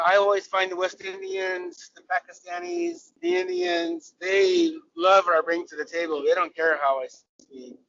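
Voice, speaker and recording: A man's voice: on the high side, a bit bright, slight background noise. An older man with an American accent, from Southern California, chatting as an interview guest with restarts and laughs. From Southern California, USA. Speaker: guest, former cricketer. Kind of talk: casual interview storytelling. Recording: dull sound, voice far from the mic.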